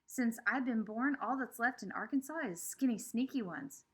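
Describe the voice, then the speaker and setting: A woman voicing a friendly, talkative country boy who is the new kid at school, with a husky voice and an eager country drawl. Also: fairly high pitch, normal speed. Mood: matter-of-fact.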